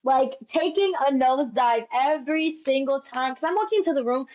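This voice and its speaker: A Broadway actress telling stories in a casual interview, animated and peppering her talk with "like". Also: high voice, moderate pace, slight background noise. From United States. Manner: animated, fills speech with "like". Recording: dull lo-fi sound.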